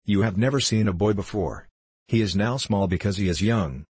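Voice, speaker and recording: A man's voice: fairly low pitch, moderate pace, a little mellow, breathy edge, no echo. A man reading the part of a stern old male magician in a storybook, lecturing and matter-of-fact.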